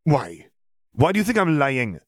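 A man's voice: a little high, wildly swooping pitch, measured pace, pitched above the performer's own voice, heavily acted. A man voicing a defiant young grown son, speaking in a raised, strained, pleading tone. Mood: indignant.

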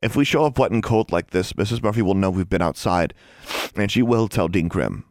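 A man voicing a timid, sickly young schoolgirl witch who speaks quietly, in an audiobook. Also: low-pitched, animated, fairly quick, no echo, studio quality. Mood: earnest. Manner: quiet, soft.

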